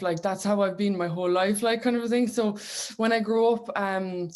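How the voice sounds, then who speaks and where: A woman's voice: medium pitch, steady tone, normal speed, darkish tone. A young woman with a Clare Irish accent, chatting casually as a singer guest on a radio show, rambling with fillers and laughing often. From Ireland. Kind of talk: casual radio interview chat.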